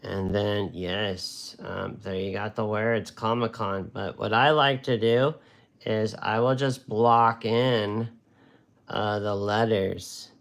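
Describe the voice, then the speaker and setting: A man's voice: fairly low pitch, steady tone, takes it slowly, creaky. A man teaching watercolor on a live stream, chatting and joking as he draws. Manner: joking, rambling, talks while drawing. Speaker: watercolor art instructor. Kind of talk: casual live-stream art lesson.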